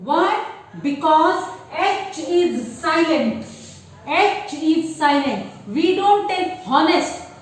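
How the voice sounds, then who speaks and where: A woman teacher with an Indian English accent, slowly explaining grammar to children and repeating each word aloud. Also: extremely high pitch, animated. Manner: slow, repetitive explaining, drills words aloud. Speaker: school teacher. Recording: echoey room, far from mic.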